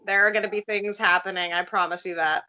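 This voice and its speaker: Young russian-accented woman, bright voice, chatty and upbeat, laughs a lot. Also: mid-range voice, fairly even intonation, quick pace, poor audio. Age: 20s. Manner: upbeat, laughs easily, emphatic promises. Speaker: professional wrestler, guest. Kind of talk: casual interview answers.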